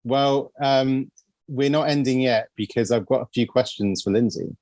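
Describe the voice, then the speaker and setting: A man's voice: mid-range voice, moderate pace, darkish tone, no room sound. A man hosting a film podcast in casual chat, full of fillers, restarts and laughter. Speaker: podcast host.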